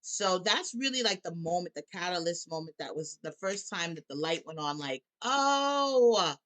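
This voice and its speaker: Speaking briskly in a lowish, slightly bright voice, a woman who is both a musician and a life coach shares her story as a guest. She is candid and sometimes tearful describing hard years, laughing through tears and playing out her own thoughts. The exchange is an emotional, candid personal conversation.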